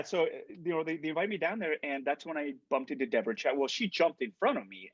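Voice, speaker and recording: A man in his forties, an actor, telling an anecdote in excitable, casual talk with many restarts, heard through a dull lo-fi stream. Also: medium pitch, no room sound. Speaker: actor guest on a panel.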